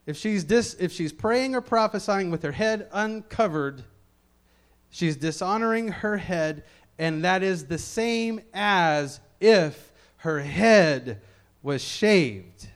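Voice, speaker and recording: A man's voice: high voice, expressive, slow pace, smooth. A middle-aged man preaching a Bible-teaching sermon in a conversational way, with joking asides and key phrases repeated for emphasis.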